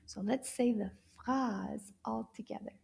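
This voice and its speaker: Slightly high-voiced woman, kids' French teacher, slow and warm, exaggerated delight. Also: gravelly. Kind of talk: children's language lesson.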